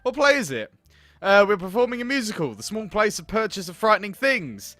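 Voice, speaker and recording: A man's voice: high-pitched, big pitch swings, fairly quick, fairly bright tone, no room sound, faint music behind. A man voicing a dramatic young female student who speaks in a theatrical, formal way while reading game dialogue aloud.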